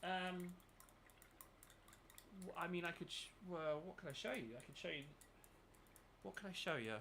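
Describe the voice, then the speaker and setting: A man's voice: high-pitched, normal speed, gravelly, sharp tone, a little hiss or hum. A man chatting casually and thinking aloud as he paints for his channel. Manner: thinks aloud, mutters while working. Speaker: miniature painting channel host. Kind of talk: casual chat while painting.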